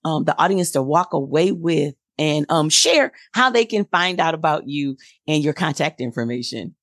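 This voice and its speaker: A woman in her forties telling a personal story in a casual chat, acting out quoted dialogue with lively energy. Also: deep voice, normal speed, dry recording, studio quality.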